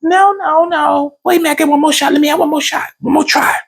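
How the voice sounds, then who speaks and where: A man voicing his annoyed wife in an exaggerated, shrill falsetto as she grumbles about losing a bet. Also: fairly even intonation, fast, gravelly. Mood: protesting. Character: annoyed adult wife, sore loser.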